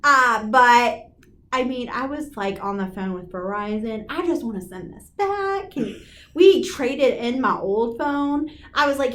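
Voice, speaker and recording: High-pitched woman rambling casually, lots of likes and ums. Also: lively intonation, a little slow, fairly bright tone. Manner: chatty, self-deprecating, lots of fillers. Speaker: podcast co-host. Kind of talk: casual chat.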